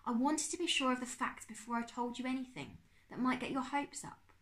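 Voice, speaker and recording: Woman voicing an excitable uncle, fussy, spluttering, lively swooping pitch, read-aloud storybook. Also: fairly quick, heavily acted. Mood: explaining. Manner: exclaiming, spluttering.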